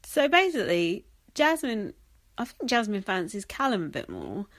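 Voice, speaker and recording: A woman's voice: mid-range voice, sing-song, moderate pace, no room sound. Chatty woman, sweary, dry. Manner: chatty, sweary, laughs often, many ums and likes. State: wheezy, coughing. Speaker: podcast host. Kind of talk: casual chat recap.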